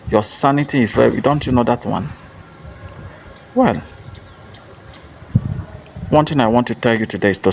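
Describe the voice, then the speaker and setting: A man giving an earnest motivational monologue as a self-help speaker, repeating rhetorical questions. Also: on the low side. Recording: distant mic with faint traffic noise.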